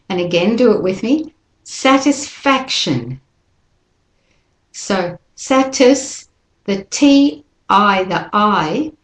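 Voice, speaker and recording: A woman teaching English pronunciation, slowly modeling each word for listeners to repeat after her. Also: mid-range voice, echoey room. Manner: slows down to model words, repeats them for listeners to copy. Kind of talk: slow, deliberate teaching with drills.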